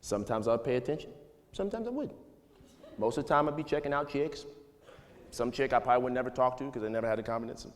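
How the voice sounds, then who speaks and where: A man in his thirties giving a relaxed, rambling talk to a live audience in a school auditorium, full of "you know" and "like". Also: medium pitch, very fast. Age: 30s. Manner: loose and conversational, heavy with "you know" and "like". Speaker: guest speaker. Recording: long hall reverb.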